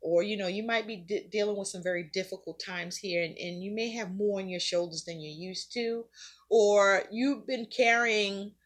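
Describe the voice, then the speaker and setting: A woman's voice: mid-range voice, fairly even intonation, normal speed. Chatty woman doing a tarot reading. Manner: conversational, repeats herself, frequent fillers, casual swearing. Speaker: tarot reader.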